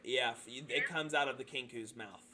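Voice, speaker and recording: A man's voice: mid-range voice, normal speed, pushed and bright, a little hiss or hum. A man narrating as dungeon master, loose and hesitant, with many fillers. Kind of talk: narrating a tabletop game.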